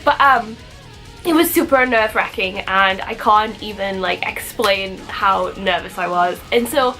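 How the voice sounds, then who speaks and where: A woman's voice: mid-range voice, unhurried, sharp tone, soft background music, rough recording. A young woman telling a rambling, giggly story in a casual vlog, full of "like". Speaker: vlogger.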